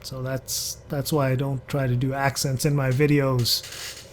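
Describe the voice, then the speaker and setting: Over a driving game, a man hosting a gaming channel keeps up loose, talkative commentary and addresses other drivers along the way. He speaks in a flat, mid-range voice, a little slowly, against a slight hiss or hum.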